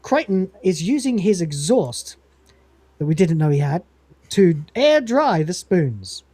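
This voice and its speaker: A man's voice: high voice, very animated, a little slow, dark tone, dry recording. A man hosting a podcast, recapping an episode in a rambling, casual way and acting out the lines. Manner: rambling, laughs often, acts out quotes. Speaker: podcast host.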